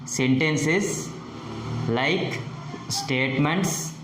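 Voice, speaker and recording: A man teaching a lesson on intonation, speaking in short halting phrases and demonstrating rising and falling pitch. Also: reverberant, noisy background. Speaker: English teacher. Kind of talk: slow deliberate phonetics lesson.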